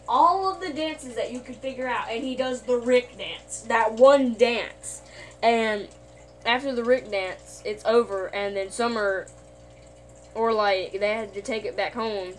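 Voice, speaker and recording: A woman's voice: fairly high pitch, takes it slowly, slight background noise. A woman casually retelling a cartoon's plot in a rambling way, full of fillers and self-corrections. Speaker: video host.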